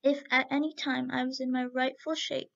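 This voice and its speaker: A gentle, soothing young man from a storybook tale, read by a woman in a high, gravelly voice. He talks earnestly and kindly, through a muffled lo-fi recording. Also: little pitch movement, moderate pace.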